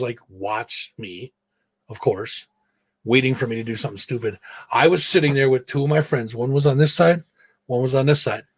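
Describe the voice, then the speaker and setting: Husky man telling profane stories. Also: medium pitch, no room sound. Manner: animated, profane storytelling with acted quotes. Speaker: host. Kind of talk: casual storytelling on a live stream show.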